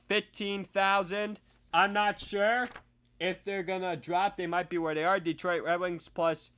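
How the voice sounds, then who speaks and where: A man hosting a casual sports talk show, giving opinionated takes that swing into loud ranting. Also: high-pitched, clean tone. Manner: opinionated, ranting, often shouting.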